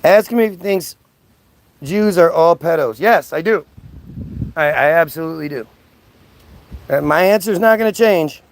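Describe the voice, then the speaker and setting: A man's voice: fairly high pitch, moderate pace, vocal fry, pauses often. A man on a livestream ranting at his chat, combative and mocking as he reads out comments and argues back. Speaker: live streamer. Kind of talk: livestream rant, reading out and answering chat.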